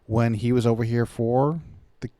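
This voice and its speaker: A man's voice: mid-range voice, fairly even intonation, moderate pace, dark tone, dry recording. A man co-hosting a podcast in casual chat, asking easy prompting questions. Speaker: podcast co-host.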